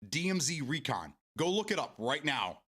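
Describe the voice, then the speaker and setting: Male streamer, loose chatty delivery with frequent laughter and cursing; bright, forceful tone with lively pitch. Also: normal speed, husky. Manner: laughs often, swears freely, talks to chat. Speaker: game streamer. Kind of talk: casual live-stream chat.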